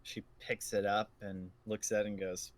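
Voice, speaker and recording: A man narrating a tabletop game as game master in a relaxed way, with frequent fillers. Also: fairly low pitch, moderate pace.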